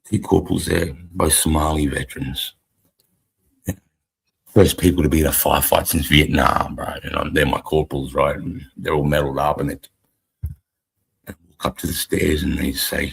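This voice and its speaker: Speaking at a normal pace, a stream co-host who served in the army shares blunt war stories full of swearing, rambling casually. He's an Australian man in his forties whose very deep voice is creaky, slightly rough and fairly even in intonation.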